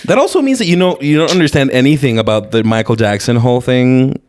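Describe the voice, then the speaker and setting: A man's voice: mid-range voice, fast talker. A man co-hosting a podcast in casual chat, reacting with teasing disbelief. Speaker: podcast co-host.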